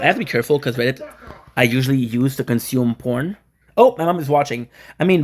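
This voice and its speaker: A man's voice: mid-range voice, darkish tone. A young man streaming a game from his apartment, rambling in casual chat to camera and joking with himself. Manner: rambling, jokey, talks to himself. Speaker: gaming streamer. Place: home apartment.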